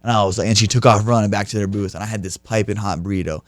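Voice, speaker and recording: A man's voice: on the low side, steady tone, very fast, dry recording. A young man in his twenties, an interview guest who tells stories with energy and laughs through the punchlines. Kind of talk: casual storytelling interview.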